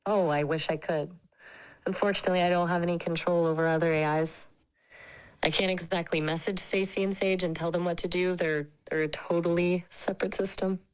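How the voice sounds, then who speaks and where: A synthetic woman's voice speaking as an AI companion. She chats in a friendly, casual way and is quick to share firm opinions. Her pitch sits slightly low for a woman. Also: fairly even intonation, clear, resonant tone, rough recording. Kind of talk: conversational AI chat.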